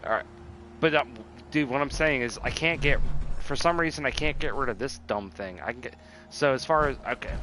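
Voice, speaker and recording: A man's voice: medium pitch, brisk, sharp tone, a little hiss or hum. A man streaming a video game, chatting casually in a rambling, profane way and often cutting himself off, a little tipsy from drinking. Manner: rambling, profane, self-interrupting. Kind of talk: casual gameplay commentary.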